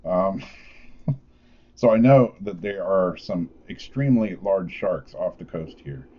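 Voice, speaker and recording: Low laid-back man rambling a story. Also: animated, slow pace, lo-fi sound. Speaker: vlogger. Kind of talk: casual storytelling.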